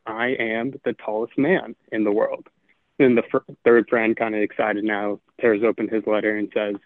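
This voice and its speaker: A man's voice: fairly low pitch, little pitch movement, normal speed, dry recording. Man telling a joke over a tinny line. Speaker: podcast guest.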